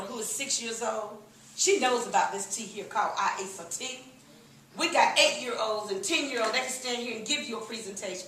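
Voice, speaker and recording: A middle-aged woman giving a lively, laughing, folksy testimonial to a live audience at a business meeting. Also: fairly high pitch, slight background noise. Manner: lively, laughing, folksy, addresses crowd as "y'all". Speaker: sales presenter at a business meeting. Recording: echoey room, recorded from a distance.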